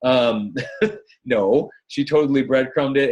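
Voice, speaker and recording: A man with a slightly husky voice running a live online coaching session. He talks in an upbeat, chatty way and keeps calling his listeners guys. He sounds like he is on a computer mic during a screen-shared video call. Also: medium pitch, moderate pace. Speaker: fitness business coach.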